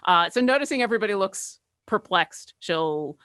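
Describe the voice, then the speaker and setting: A woman's voice: mid-range voice, expressive, normal speed, fairly bright tone, smooth, no room sound, studio quality. A woman playing in a tabletop game, chatting in a friendly, self-aware way. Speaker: player. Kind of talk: tabletop role-play.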